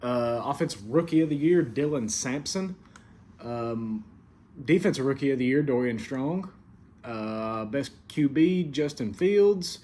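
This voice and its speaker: A league commissioner with a country Southern drawl hosts his casual weekly recap, laid-back and full of fillers, though he turns stern when it comes to the rules. His mid-range voice is warm, animated and unhurried, with a little hiss or hum on the recording.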